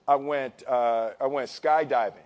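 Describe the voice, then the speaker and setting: A middle-aged man telling a story to an audience in an animated way, laughing and acting out voices. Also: mid-range voice, unhurried. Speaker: motivational speaker.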